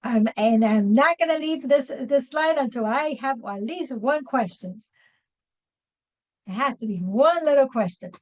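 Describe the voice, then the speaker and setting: A woman's voice: high-pitched, expressive, measured pace, a little mellow, low-quality recording. A woman presenting a professional workshop to a live audience, with many fillers and restarts. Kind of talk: live seminar talk.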